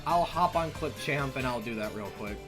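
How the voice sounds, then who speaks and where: A man guesting on a casual stream, an artist who talks animatedly and excitably, often saying "bro". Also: medium pitch, moderate pace, over music.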